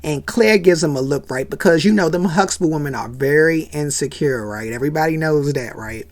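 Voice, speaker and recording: A woman's voice: low-pitched, brisk. A woman hosting a comic episode recap, chatty and full of "right?" asides. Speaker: host.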